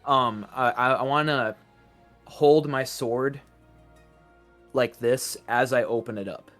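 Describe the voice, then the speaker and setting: A man's voice: mid-range voice, slow, a bit bright, soft background music. A man playing a tabletop game, talking casually and checking rules aloud with some hesitation. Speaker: player.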